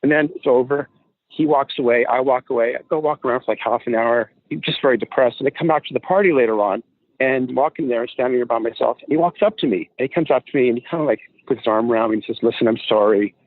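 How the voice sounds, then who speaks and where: Fast, animated male storyteller over a dry, tinny phone line. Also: mid-range voice, no echo. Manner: animated storyteller, acts out voices. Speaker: guest promoter. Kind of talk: telling a story on a podcast.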